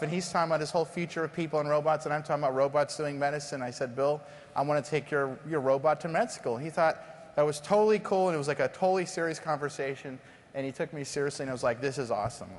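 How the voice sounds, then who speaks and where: A middle-aged man, a company founder, being interviewed onstage and telling animated stories that act out dialogue. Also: on the high side, rapid-fire. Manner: animated storyteller, acts out dialogue. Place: conference stage before an audience. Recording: long hall reverb from stage.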